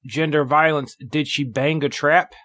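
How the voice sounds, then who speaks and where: A man co-hosting a podcast in casual chat, excitable and rambling, often restarting his sentences. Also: fairly high pitch, a little slow, no room sound, clean studio sound. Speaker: podcast co-host.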